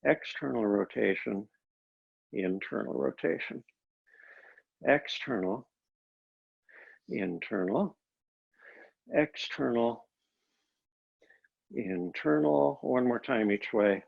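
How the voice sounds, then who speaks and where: A man teaching a Pilates class, calmly cueing each step of the exercises, recorded on a laptop microphone. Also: medium pitch, slow pace, gravelly, highs cut off. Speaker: Pilates instructor. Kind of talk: guided exercise class instruction.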